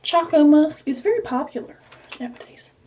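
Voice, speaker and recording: A woman's voice: sits high, lively intonation, moderate pace, dark tone, recorded from a distance. A woman vlogger chatting casually while getting ready, rambling and self-mocking, slipping into a mock country accent. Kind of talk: casual get-ready-with-me chat.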